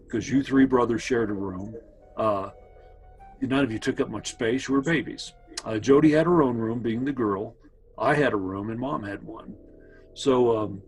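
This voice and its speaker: In a rough recording, a man with a mid-range voice casually tells his brother old family stories. He meanders along, dropping asides to his listener as he goes.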